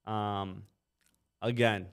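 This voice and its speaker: Speaking extremely slowly in a lowish voice, this man co-owns a trucking company and swaps anecdotes on a podcast mic. He acts out quoted drivers with animation and keeps dropping "you know" into his casual storytelling.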